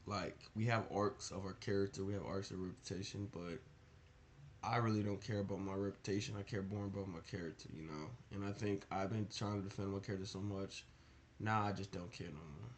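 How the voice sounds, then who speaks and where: A man's voice: deep voice, fairly even intonation, fairly quick, a little hiss or hum. A young man giving casual motivational advice in a rambling, earnest way, often asking rhetorical questions. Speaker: motivational vlogger.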